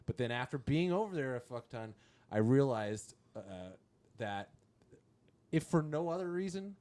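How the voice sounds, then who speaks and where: A man's voice: mid-range voice, animated, normal speed, a little mellow. A man hosting a podcast in casual chat, loose and profane, asking his guest questions. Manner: loose, swears freely, asks questions. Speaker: podcast host.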